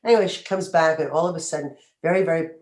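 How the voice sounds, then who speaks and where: Chuckling middle-aged mom in an echoey room. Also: female voice, deep voice, fast talker, darkish tone, slight background noise. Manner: storytelling, chuckling. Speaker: guest, mother of a co-host. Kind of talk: casual chat.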